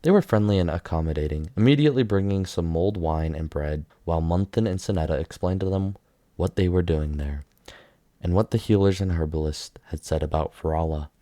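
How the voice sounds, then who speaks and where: Male storyteller, low and mellow, dry close recording, steady lore-reading delivery. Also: fairly quick, no room sound. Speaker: lore video narrator.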